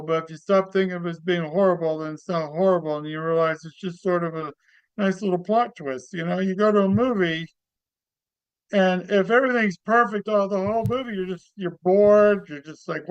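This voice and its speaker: A man's voice: high-pitched, no echo, lo-fi sound. A man playing a quirky, upbeat motivational speaker who gives cheery, rambling life advice as a comedy bit.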